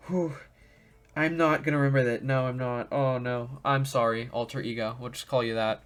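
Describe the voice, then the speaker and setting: A man doing let's play commentary, excitable and loud, often laughing and reading the game's dialogue aloud. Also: medium pitch, measured pace, clear, resonant tone. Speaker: gaming video creator.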